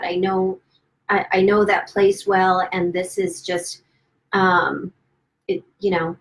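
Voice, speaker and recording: A woman author on a livestream, emotional and close to tears, gushing with excitement and stumbling over her words as she celebrates her new book at home. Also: mid-range voice, poor audio. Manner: gushing and excited, halting with restarts. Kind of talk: casual livestream chat. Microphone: phone or webcam livestream.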